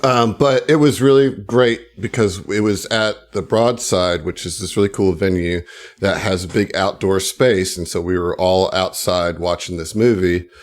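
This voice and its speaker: A man's voice: low-pitched, fairly even intonation, normal speed. A man in casual podcast chat, telling a long enthusiastic story with lots of fillers and restarts. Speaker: podcast host and player.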